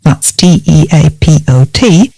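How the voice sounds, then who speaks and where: Female teacher, lowish voice, dry close sound, measured and clear. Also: lively intonation, warm tone, dry recording. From United Kingdom. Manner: spells words out letter by letter, clear and measured. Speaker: English teacher. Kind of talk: scripted vocabulary lesson.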